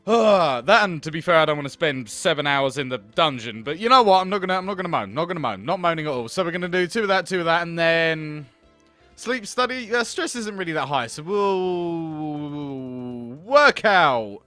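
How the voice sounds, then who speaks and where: A man's voice: fairly high pitch, animated, moderate pace, bright, forceful tone, soft background music. A man doing let's play commentary on a game, grumbling, swearing and sarcastic. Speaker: gaming video host.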